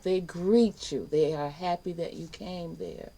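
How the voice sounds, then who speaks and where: A woman's voice: on the low side, unhurried, hardly any pauses, mellow, rough recording. A woman teaching a casual online life skills class, chatty and emphatic, acting out little exchanges. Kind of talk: casual spoken lesson to camera.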